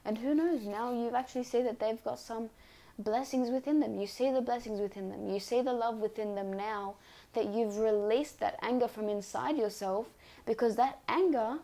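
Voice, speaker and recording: A woman with a fairly high voice that sounds mellow and warm rather than bright. She talks listeners through self-help advice in an earnest, repetitive, coaching manner, speaking as the host of her own podcast. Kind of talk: reflective self-help monologue.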